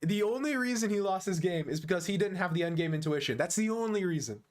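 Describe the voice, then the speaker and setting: A man's voice: high-pitched, animated, fast talker. A man of twenty-one with an American accent, chatting casually and teasing viewers while analysing chess on a stream. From United States. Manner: joking, teasing banter, chuckles often.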